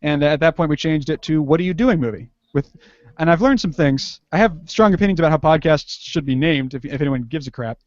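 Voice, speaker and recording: A man's voice: a little high, animated, a little fast, dry recording. A young man chatting casually as a podcast guest, rambling and restarting his sentences and laughing often. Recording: dull lo-fi recording.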